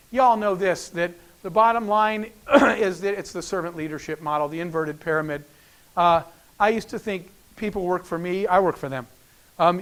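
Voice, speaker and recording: A middle-aged man giving a keynote speech, telling a story and acting out the quoted dialogue, moved to the point of emotion. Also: high-pitched. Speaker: keynote speaker.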